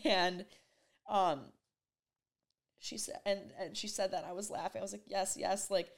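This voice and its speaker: A woman's voice: mid-range voice, steady tone, measured pace, vocal fry. A young woman vlogging, telling a personal story in a rambling, emotional way, full of "like". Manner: rambling and emotional, heavy use of "like". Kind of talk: casual storytelling to camera.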